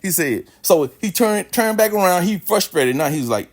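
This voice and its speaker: A man's voice: sits high, moderate pace. A man telling a casual, slangy story with plenty of swearing and a lot of expression. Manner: animated, slangy, swears freely.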